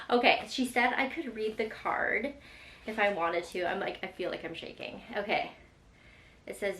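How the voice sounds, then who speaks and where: A young woman vlogger chatting excitedly through an unboxing, emotional and full of fillers. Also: medium pitch, normal speed, a little hiss or hum. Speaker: lifestyle vlogger. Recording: echoey room with faint ambience.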